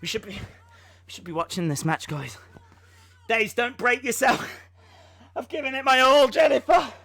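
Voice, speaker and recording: Breathless, high-voiced man. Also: normal speed, vocal fry, sharp tone. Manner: jokey, self-mocking, chatty. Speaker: live stream host. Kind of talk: casual live reaction stream.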